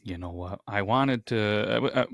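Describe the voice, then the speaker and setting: A man hosting a podcast, talking in an excitable, rambling and self-aware way. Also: on the low side, normal speed, vocal fry, dry recording, studio quality. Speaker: podcast host. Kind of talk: casual podcast chat.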